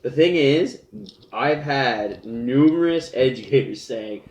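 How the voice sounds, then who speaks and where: A man's voice: medium pitch, expressive, slow, a little mellow. A young man co-hosting a podcast, telling rambling stories among friends and laughing often. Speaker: podcast co-host. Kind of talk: casual chat among friends. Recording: echoey room.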